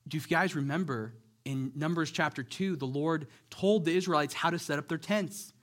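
A man preaching a sermon, retelling a Bible story in a lively, conversational way and acting out the characters' lines. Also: fairly high pitch, moderate pace. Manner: conversational, checks in with "right?".

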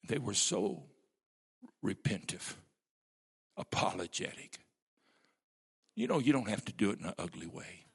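A man's voice: on the low side, very animated, unhurried, vocal fry, long pauses, slightly rough. A man preaching a sermon as pastor, telling stories with strong emphasis.

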